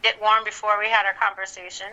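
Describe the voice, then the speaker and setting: A woman, an actress, chatting as a podcast guest in a relaxed, easygoing way with plenty of fillers. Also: medium pitch, fast, dull audio. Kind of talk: casual interview chat.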